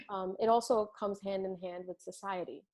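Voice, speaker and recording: A woman's voice: medium pitch, fairly even intonation, moderate pace, a little mellow. A young woman from India with an American accent, co-hosting a casual podcast and telling stories in an earnest, reflective way. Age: young adult. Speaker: podcast co-host. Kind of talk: casual chat.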